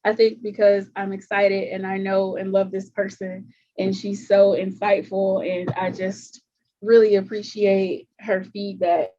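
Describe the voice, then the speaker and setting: A woman's voice: medium pitch, little pitch movement, unhurried, mellow, muffled recording. A woman co-hosting a podcast in casual chat, gushing in long run-on sentences chained with "and". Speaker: podcast co-host.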